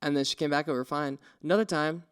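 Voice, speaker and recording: He talks fast in a fairly high, smooth voice. A young podcast co-host, he tells stories in a casual chat with lively energy, acting out the quotes.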